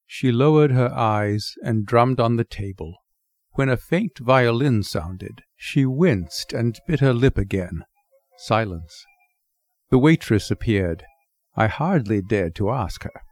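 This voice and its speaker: A man narrating a short story in an expressive, wry storybook reading. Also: medium pitch, slow, no room sound. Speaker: narrator, reader.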